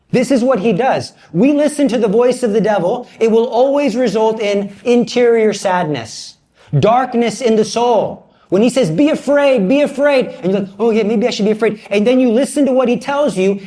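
A man with a high voice preaches an animated sermon. He mixes comic storytelling and quick asides with earnest exhortation, acting out the voices in his stories.

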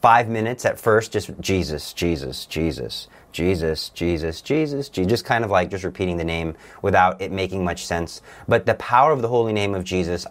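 A man appearing as a guest, giving an earnest and intense personal religious testimony. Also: low voice.

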